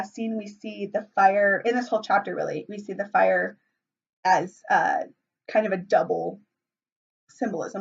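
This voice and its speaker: A woman teacher reading a novel aloud to her students, with measured, explanatory asides. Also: mid-range voice, vocal fry, slightly rough. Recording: muffled, from a distance.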